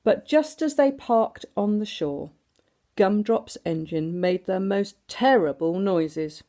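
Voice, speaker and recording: A woman reads a storybook aloud to children with animation, making sound effects and asking her listeners questions. Her voice sits at medium pitch, and she takes it slowly.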